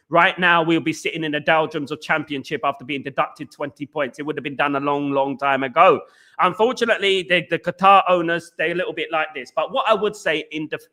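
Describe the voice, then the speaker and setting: A man's voice: fairly high pitch, sharp tone. A man hosting a live fan stream, reading chat comments and ranting with exasperation. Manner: ranting, exasperated, repeats himself.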